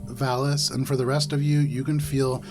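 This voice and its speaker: A man's voice: medium pitch, level tone, moderate pace, over music. A man narrating as game master in a tabletop game, rambling and correcting himself as he describes the scene.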